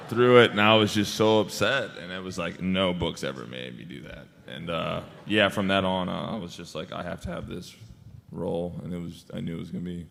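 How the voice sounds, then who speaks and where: An American man telling stories on a convention panel, animated and laughing, acting out quotes. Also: sits low, creaky, a little hiss or hum. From United States. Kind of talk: casual storytelling. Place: large convention hall. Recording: echoey convention hall.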